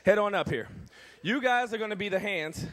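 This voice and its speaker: A man's voice: sits high, brisk. A man performing a strength ministry demonstration on stage at a church event, talking energetically and rallying the audience and kids. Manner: energetic, rallies the crowd and kids.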